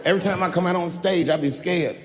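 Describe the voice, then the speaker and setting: A man doing a stand-up comedy set, telling loose stories and breaking into sudden shouts before a laughing crowd. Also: sits high, fast, in a large hall. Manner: loose, animated storytelling with sudden shouts and put-on voices. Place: stage before a laughing audience.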